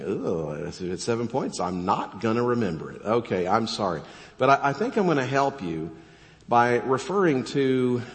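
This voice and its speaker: A man preaching a sermon in a relaxed, joking way, his voice sitting on the low side. He tells the story with animation. The long reverb of a church sanctuary trails his pulpit microphone. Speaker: pastor.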